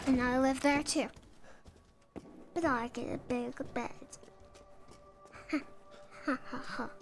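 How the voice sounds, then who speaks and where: A woman's voice: high-pitched, steady tone, slow pace, soft background music. A woman streaming a game, joking around and commenting casually as she plays. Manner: playful, jokey and self-amused.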